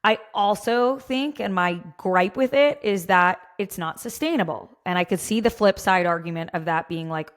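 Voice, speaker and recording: A woman's voice: mid-range voice, normal speed, few pauses. A woman in her thirties co-hosting a fitness podcast, giving candid opinions while thinking aloud with lots of fillers. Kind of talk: casual opinionated chat.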